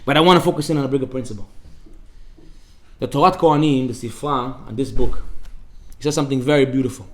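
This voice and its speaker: A man, a rabbi giving a lively Torah class to a room, acting out voices and laughing often. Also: medium pitch, fast, pauses often. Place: synagogue study hall.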